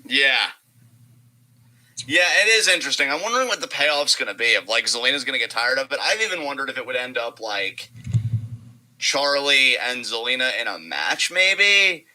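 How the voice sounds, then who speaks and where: A man's voice: medium pitch, big pitch swings, moderate pace, sharp tone, rough recording. A young man co-hosting a casual wrestling chat, talking hesitantly with lots of fillers and some swearing. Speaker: co-host.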